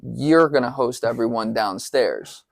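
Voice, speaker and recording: A man spins a long anecdote on a podcast, jumping up in pitch to act out his own panic and swearing as he goes. His voice sits in a middle register. The sound is dry and close. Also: measured pace, creaky, no echo. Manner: animated, profane, acts out quotes with rising pitch. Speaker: podcast guest. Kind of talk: casual storytelling.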